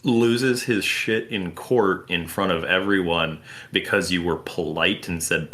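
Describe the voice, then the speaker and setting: Man, low voice, bright forceful tone, casual chat, recaps and reacts. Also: a little slow, hardly any pauses. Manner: reacts and recaps, laughs along.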